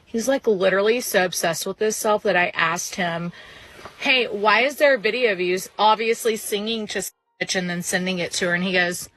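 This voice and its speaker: A woman's voice: medium pitch, fairly quick, fairly bright tone, soft background music, poor audio. Exasperated woman ranting to camera. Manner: exasperated, profane, sarcastic. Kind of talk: casual rant to camera.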